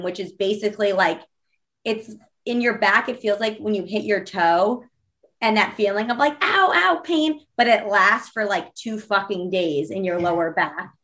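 A woman's voice: mid-range voice, fairly bright tone. A young woman guest on a podcast, telling candid stories casually with many fillers and acted-out quotes.

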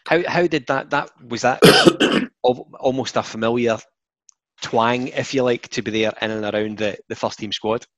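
A man's voice: mid-range voice, moderate pace, fairly bright tone. Man asking questions, dull lo-fi sound. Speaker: podcast host. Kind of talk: casual interview questions.

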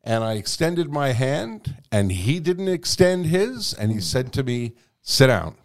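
Lively-voiced man telling a story. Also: on the high side, a little slow. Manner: animated, profane storytelling. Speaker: guest storyteller. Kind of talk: anecdote in a conversation.

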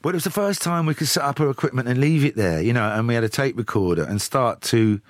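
A man, telling lively anecdotes with chuckles as a studio guest. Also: medium pitch, fast talker, dry recording. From England. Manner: lively, chuckling storyteller with frequent "you know". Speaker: musician, guest. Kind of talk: casual chat, anecdotal storytelling.

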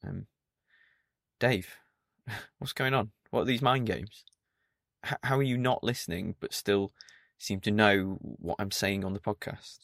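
A man hosts a solo podcast in a dry, pedantic, mock-stern manner. His voice sits low with a gravelly fry. The recording is close and dry, with no room sound. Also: measured pace, fairly bright tone, dry recording. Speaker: podcast host.

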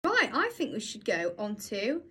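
A woman's voice: medium pitch, moderate pace, over loud music. A woman in her twenties, co-hosting a podcast, chatting casually and acting out the people in her stories. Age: 20s. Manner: animated storyteller, acts out quotes. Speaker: podcast co-host. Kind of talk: casual chat.

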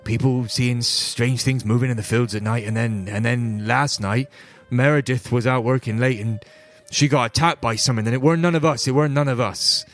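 A man voicing a big, anxious, balding farmer who speaks slowly in a rustic country dialect. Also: medium pitch, fairly even intonation, soft background music, lightly acted. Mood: worried. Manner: rustic dialect, slow and worried.

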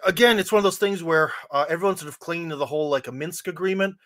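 A man's voice: a little high, fast, fairly bright tone, no echo. An American man hosting a podcast, chatting casually in a loose, rambling way with wry asides. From United States. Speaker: podcast host. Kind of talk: casual chat.

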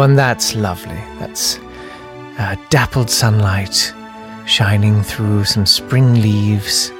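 A man voicing a gentle, fussy older presenter who coos slowly over photos. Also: on the low side. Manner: slow, cooing, ponderous.

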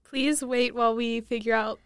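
A woman's voice: fairly high pitch, steady tone, moderate pace, fairly bright tone, clear, resonant tone, dry recording, studio quality. Laid-back young woman co-host. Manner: laid-back, brief replies. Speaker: podcast co-host. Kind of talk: casual chat.

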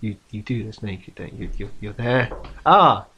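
A man's voice: lowish voice, steady tone, normal speed, slightly rough. A man co-hosting a casual podcast chat, teasing his friend and often repeating words as he goes. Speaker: podcast co-host.

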